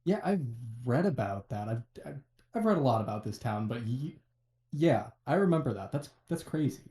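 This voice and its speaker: A man's voice: medium pitch, lively intonation, normal speed, mellow, roomy sound. A man playing a tabletop game, easygoing and prone to stammered restarts. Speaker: player.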